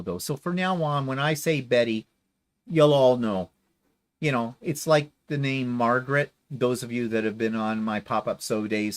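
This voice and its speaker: A man hosting a quilting livestream, chatting casually and reading viewer comments in a sarcastic, theatrical way. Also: mid-range voice. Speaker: quilting channel host.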